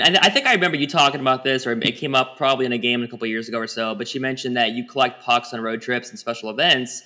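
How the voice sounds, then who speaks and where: A male podcast host with a bright, forward voice and a mid-range pitch. He chats casually and eagerly as a fan, and he keeps his tone upbeat as he sets up questions for a guest. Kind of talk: casual chat.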